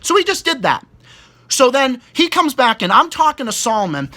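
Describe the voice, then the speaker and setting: Very high-voiced and very animated, this young man talks at normal speed with a sharp tone. His profane, casual rant targets irritating coworkers, and in his exasperation he curses a lot and trips over repeated words.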